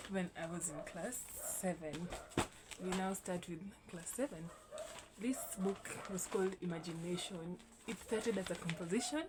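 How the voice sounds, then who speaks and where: A woman's voice: fairly low pitch, background noise. A young woman hosting a casual vlog, rambling and swearing lightly as she reads her old writing aloud. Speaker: YouTube host.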